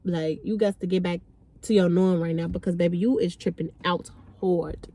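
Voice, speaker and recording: A young woman vlogger telling a party story in a casual, animated, blunt way, talking straight to her viewers. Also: on the low side, normal speed. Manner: animated, slangy and blunt, addressing viewers as y'all.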